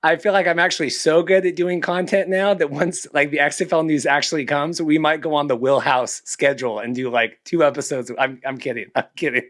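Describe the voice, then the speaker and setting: A man's voice: a little high, steady tone, fairly quick, few pauses, a bit bright. A young man co-hosting a casual podcast, rambling and self-deprecating, often restarting his sentences. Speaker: podcast co-host.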